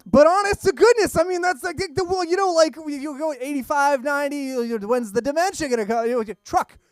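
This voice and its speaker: A man's voice: very high voice, a little fast, no room sound. A young man doing an open-mic stand-up set in a small comedy club, rambling and self-deprecating, often laughing at his own jokes.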